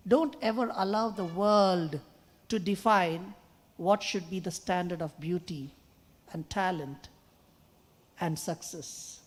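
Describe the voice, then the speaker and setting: A man with a high, soft voice often taken for a woman's, giving an earnest sermon-style talk at a youth choir festival. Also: unhurried. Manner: earnest, storytelling, with quoted refrains. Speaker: guest musician and speaker. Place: large hall at a choir festival. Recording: long hall reverb.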